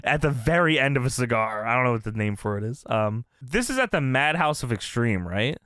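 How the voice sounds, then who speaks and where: A man co-hosting a podcast in casual chat, profane and quick to laugh, often acting out what people said. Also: medium pitch, no echo, studio quality. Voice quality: animated, profane, laughs often, acts out quotes. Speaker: podcast co-host.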